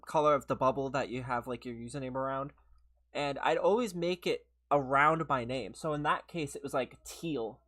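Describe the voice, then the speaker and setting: Slightly hoarse, chatty gaming streamer. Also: medium pitch, a bit bright. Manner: chatty, laughs often, greets viewers by name. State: slightly hoarse from a recent illness. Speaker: gaming livestreamer. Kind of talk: casual live-stream chat while playing.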